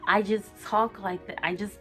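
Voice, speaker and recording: A woman's voice: medium pitch, fairly even intonation, moderate pace, over music. A young adult woman vlogging, speaking articulately and candidly about personal struggles in an open, emotional way. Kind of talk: candid confessional vlog.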